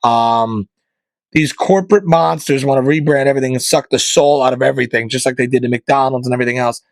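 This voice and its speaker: A male comedian with a medium-pitched voice talks quickly on his podcast, launching into a sarcastic, conspiratorial comic rant and mocking the voices of corporations. There is no room sound.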